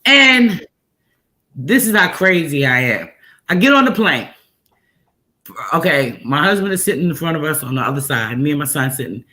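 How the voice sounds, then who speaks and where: A woman's voice: sits low, sing-song, moderate pace, long pauses, sharp tone. A woman host tells stories in casual, emphatic chat and repeats phrases for effect.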